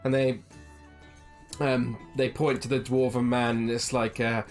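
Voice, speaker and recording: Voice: mid-range voice, little pitch movement, a little slow, soft background music. A game master narrating a tabletop game in a rambling way, full of fillers and "like"s.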